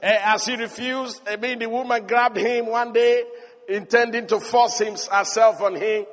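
A man preaching a sermon, telling the story with animation and building to emphatic shouts. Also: extremely high pitch, flat delivery, normal speed. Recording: long hall reverb.

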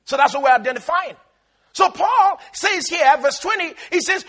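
Brief: emphatic male preacher, very high and bright, lively call-and-response delivery. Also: moderate pace. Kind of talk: sermon.

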